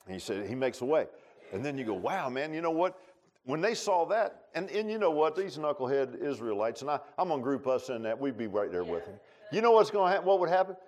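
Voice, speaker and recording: A man's voice: mid-range voice, very animated, fast, darkish tone. A man preaching a sermon in a folksy, conversational way, with restarts and asides to the congregation.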